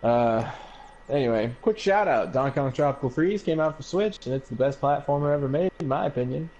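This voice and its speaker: A man co-hosting a casual gaming chat, laid-back, unhurried and profane. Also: medium pitch, lively intonation, a little mellow, highs cut off. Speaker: co-host.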